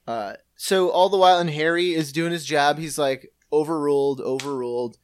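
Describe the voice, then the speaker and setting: Chatty man recapping with a slightly higher voice. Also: normal speed, clear, resonant tone, no room sound, clean studio sound. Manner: relaxed storyteller, acts out quotes, laughs often. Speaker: podcast co-host. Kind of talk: casual episode recap chat.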